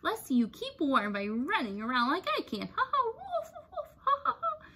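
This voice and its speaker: A woman's voice: sits high, wildly swooping pitch, moderate pace, a bit bright, breathy edge, exaggerated voice. A woman voicing a boastful dog in a read-aloud storybook, laughing at a tortoise between barks. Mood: mocking.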